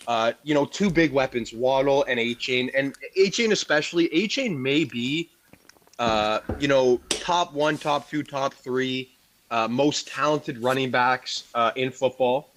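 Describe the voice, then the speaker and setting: A man co-hosting a sports betting podcast in relaxed conversation. He pads his opinions with "uh" and "you know". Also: mid-range voice, a little slow. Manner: filler-heavy, leans on "you know". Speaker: podcast co-host.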